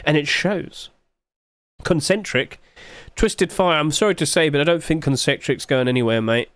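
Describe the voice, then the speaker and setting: A man's voice: a little high, expressive, moderate pace, fairly bright tone, clear, resonant tone, no echo. A man, musing aloud in casual livestream commentary and asking himself rhetorical questions. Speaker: streamer.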